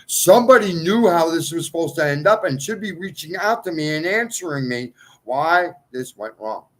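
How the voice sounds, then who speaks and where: A man's voice: fairly high pitch, lively intonation, moderate pace, a bit bright, rough recording. A man in a ranting monologue to his followers, agitated and pleading, swinging between outbursts and muttered asides. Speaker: self-styled cleric addressing followers.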